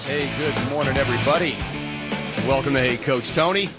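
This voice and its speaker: A man's voice: medium pitch, brisk, dull audio, loud music behind the voice. A man hosting a radio talk show from a studio, chatting casually and reading down a list of questions.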